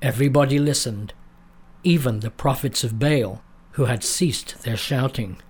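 A man reading a storybook aloud in a measured, dramatic narrating style. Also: medium pitch, breathy edge.

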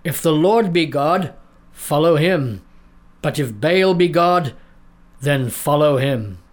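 A man voicing a bold, defiant male prophet in a storybook reading, speaking in a booming, solemn, slow proclaiming way. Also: darkish tone, lightly acted. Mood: commanding.

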